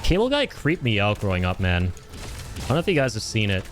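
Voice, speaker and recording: A man streaming a video game live, chatting with his viewers, swearing and yelling at the game as he plays. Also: fairly low pitch, a little fast, faint music behind. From Canada. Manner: excitable, swears and yells at the game. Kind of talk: casual live-stream gaming chat.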